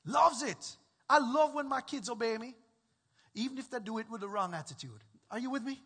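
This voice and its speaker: A male pastor preaching a sermon, animated and emphatic, with rising bursts of intensity. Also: extremely high pitch, a little fast, breathy edge. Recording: echoey hall with long reverb.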